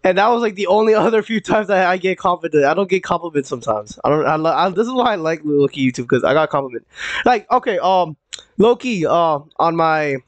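A young man chats his way through a live game stream, stumbling over his words and circling back with lots of "like" and "uh." His voice sits a touch high for a man. The sound is close and dry, with no room around it. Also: lively intonation, fast talker, no echo. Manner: rambling, repeats himself, many fillers and restarts. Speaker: gaming streamer. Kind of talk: casual live-stream chat while gaming.

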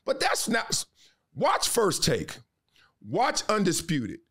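A sports commentator guesting on a podcast chats casually in slang, hammering his points home with animated emphasis. He speaks slowly in a husky voice that is fairly high for a man and ranges widely in pitch.

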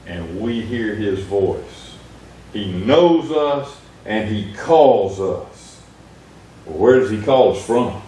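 Man, earnest sermon, roomy church sound, faint rumble behind. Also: expressive, slow pace, warm tone. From United States. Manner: earnest, retells Bible stories with rising emphasis. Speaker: preacher. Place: small church sanctuary. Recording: echoey church room from far off.

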